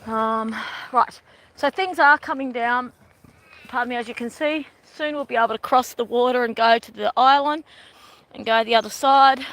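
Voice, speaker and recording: A woman's voice: a little high, moderate pace, fairly bright tone, low-quality recording. A middle-aged woman vlogging casually while walking her dogs outdoors, chatting to her viewers and turning to talk to the dogs now and then. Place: outdoors on a walk by water. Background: birds and dogs.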